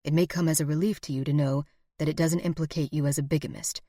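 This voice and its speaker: A woman's voice: deep voice, fairly even intonation, warm tone, no room sound, clean studio sound. A woman doing a cool, formal frontier lawyer. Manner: measured, official, evasive. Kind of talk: audiobook character voice.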